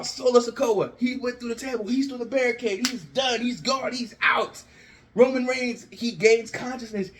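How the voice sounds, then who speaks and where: A man excitedly narrating his own wrestling storyline like a play-by-play caller, animated and sometimes shouting. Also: extremely high pitch. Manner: animated, breathless, shouts at big moments. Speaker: wrestling fan booking storylines.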